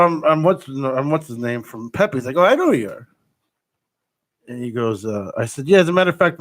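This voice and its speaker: A man's voice: medium pitch, dry recording. A man hosting a radio show, telling stories in loose, swearing banter. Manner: animated storyteller, swears freely. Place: radio studio.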